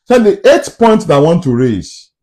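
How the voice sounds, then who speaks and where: A man's voice: a little high, big pitch swings, moderate pace, warm tone. A man preaching a sermon, emphatic and fond of repeated rhetorical questions.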